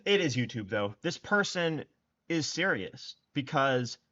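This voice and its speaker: Young guy doing snarky political commentary, bright tense voice, kinda dull lo-fi sound. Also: medium pitch, big pitch swings, measured pace. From United States. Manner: sarcastic, scornful. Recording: dull lo-fi recording.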